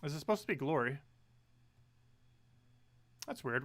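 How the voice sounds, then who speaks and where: Fast-talking bright-voiced young man. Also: a little high, lively intonation. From New Jersey. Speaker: streamer. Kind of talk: casual live-stream commentary.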